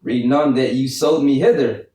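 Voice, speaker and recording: A man's voice: mid-range voice, moderate pace, warm tone. Man reading scripture in a roomy space. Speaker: scripture reader.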